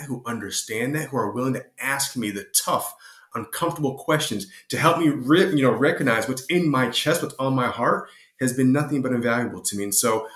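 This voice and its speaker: A passionate, emphatic man of middle pitch shares his views in a reflective interview, repeating words as he builds his point. The room around him is noticeably echoey. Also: a bit bright. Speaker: guest, retreat co-host.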